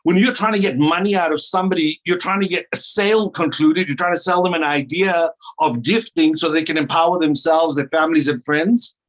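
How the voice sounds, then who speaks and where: A man's voice: a little high, a little fast, hardly any pauses. A South African man leading an online training call, greeting attendees with playful, upbeat banter over a video call.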